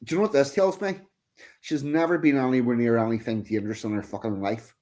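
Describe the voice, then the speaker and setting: A man's voice: mid-range voice, steady tone, quick pace, darkish tone. A man hosting a casual stream, reading out an article and mocking it in blunt, sweary asides. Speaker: stream host.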